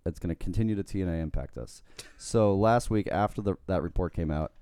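Low, mellow-voiced man, dry wit. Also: a little fast, hardly any pauses, clean tone, no echo. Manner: dry, wry joking. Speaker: podcast co-host. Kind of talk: casual chat.

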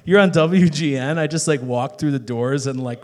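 A man's voice: on the high side, moderate pace, hardly any pauses, darkish tone. A man from Chicago, a guest on a live stage show, telling stories in a rambling, casual way with lots of filler words. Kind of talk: casual onstage chat. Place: live show at a bar venue.

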